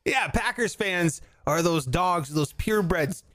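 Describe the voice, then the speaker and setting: A man co-hosting a casual chat, animated and prone to loud excited shouts. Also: high voice, a little slow, slight background noise. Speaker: podcast co-host.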